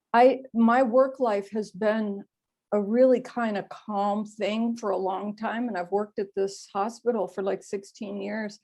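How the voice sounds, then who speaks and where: A woman giving an emotional personal share at a recovery meeting over an online call. She is close to tears and speaks haltingly, with many pauses and fillers. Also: a little high, a little mellow. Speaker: meeting member sharing.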